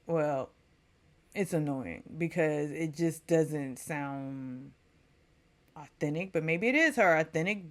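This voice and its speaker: A woman's voice: sits low, animated, slow pace. A woman from Texas giving an opinionated, casual recap of a reality show as a vlogger. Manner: opinionated, chatty, mocks people in quoted voices.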